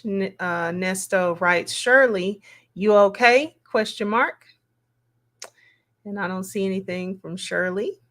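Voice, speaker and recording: A woman reads text messages out loud at an unhurried pace. Her pitch sits in a middle range. She stops between the quoted lines to muse and add plain, casual remarks of her own. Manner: slow, musing, reads quotes aloud with asides. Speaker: commentator reading text messages. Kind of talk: casual read-aloud commentary.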